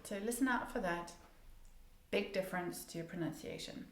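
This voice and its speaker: A woman pronunciation coach teaching English casually, slowly demonstrating sounds and repeating words, encouraging her viewers. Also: on the low side, roomy sound, a little hiss or hum. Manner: encouraging, speaks directly to viewers.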